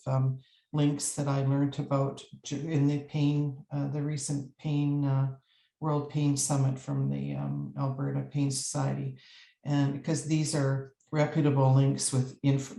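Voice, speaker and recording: Low-voiced woman moderating, echoey room. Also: vocal fry, dark tone. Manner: friendly, hesitant with fillers. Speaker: session facilitator. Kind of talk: online session moderating.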